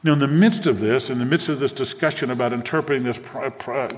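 A pastor with a medium-pitched voice preaches quickly to a congregation in a church sanctuary, engaging them with questions. Long hall reverb from the church fills the recording.

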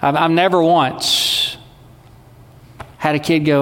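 A man's voice: a little high, normal speed, fairly bright tone. A man, preaching a sermon in a conversational, folksy way. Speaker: pastor. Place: church sanctuary. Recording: long hall reverb.

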